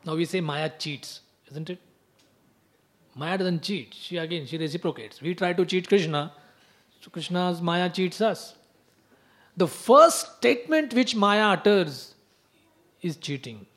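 A male preacher telling a sacred story in an animated sermon and acting out the characters. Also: high voice, unhurried, pauses often.

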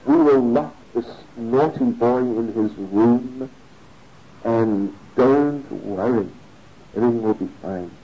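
A man's voice: medium pitch, slow, voice pushed down. A man voicing a stern but soothing middle-aged father who reassures a worried guest. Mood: reassuring. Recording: dull lo-fi recording.

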